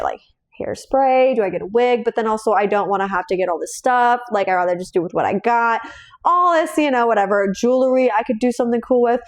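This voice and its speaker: A woman's voice: on the high side, darkish tone. A woman hosting her own casual chat show from home at night, rambling through tangents and laughing often. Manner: rambling, jumping between tangents with frequent laughs. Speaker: host.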